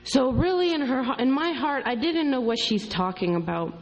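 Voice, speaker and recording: A woman's voice: high voice, expressive, moderate pace, long reverb tail, rough recording. A woman giving a rambling, conversational personal testimony, often saying "you know". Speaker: convert sharing her story.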